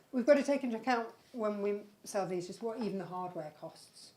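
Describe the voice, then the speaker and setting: This woman's mellow, medium-pitched voice comes with slight background noise. She's hosting a live crafting stream, casually chatting and rambling with affection about the handmade bags she sells.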